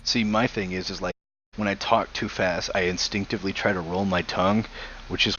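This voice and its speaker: Low-voiced Southern man on muffled voice chat. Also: fairly even intonation, fairly quick, a bit bright, a little hiss or hum. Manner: rambling, loose, with many "like"s. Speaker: gaming friend on voice chat. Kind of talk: casual chat while gaming.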